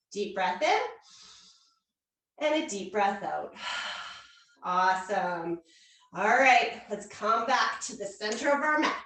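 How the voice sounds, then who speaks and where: High-voiced woman leading kids' yoga. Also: a bit bright. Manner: playful, coaxing, makes animal sounds. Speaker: kids yoga instructor. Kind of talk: guided children's yoga class. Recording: echoey room, mic far off.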